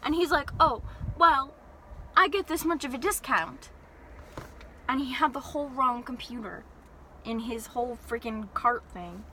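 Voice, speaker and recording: A young woman with a high, bright voice tells an exasperated story-time rant in lively bursts. She is sitting in a parked car, and a faint hum of the car and road runs under her voice. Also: moderate pace, rough recording. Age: young adult. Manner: animated storytelling with exasperated asides. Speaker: vlogger.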